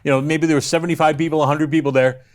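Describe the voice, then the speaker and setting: A man's voice: fairly high pitch, fairly even intonation, racing. Rambling man telling wrestling stories. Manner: rambling storyteller, crude joking, restarts often. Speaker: guest, former wrestler. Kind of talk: casual podcast chat.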